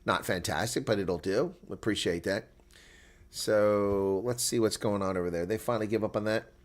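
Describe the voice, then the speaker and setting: A man's voice: on the low side, normal speed. A man hosting a casual live rugby watch-along, chatting loosely, laughing often and reading viewer comments aloud.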